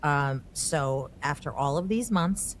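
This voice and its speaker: A woman's voice: sits low, slow pace, a little hiss or hum. A woman hosting a podcast, talking candidly and with rising animation. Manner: animated, rising emotion as she tells the story. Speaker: podcast host. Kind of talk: candid conversational podcast talk.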